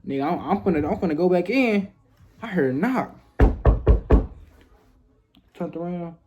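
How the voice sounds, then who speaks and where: A man's voice: sits high, expressive, unhurried, long pauses, a little mellow, faint music behind. A young man in his twenties telling a casual, rambling story full of repetition and profane slang.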